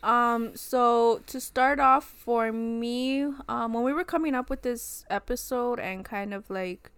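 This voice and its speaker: A young woman co-hosting a podcast, chatting casually, excitable and giggly with lots of fillers. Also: fairly high pitch, takes it slowly, smooth, no echo. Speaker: podcast co-host. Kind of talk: casual chat.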